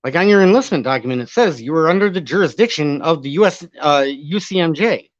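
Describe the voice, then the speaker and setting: A man's voice: on the high side, lively intonation, brisk, no room sound. A man hosting a live stream, rambling and arguing as he reads and answers the chat, swearing now and then. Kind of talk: casual live-stream commentary reading chat. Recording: dull lo-fi stream audio.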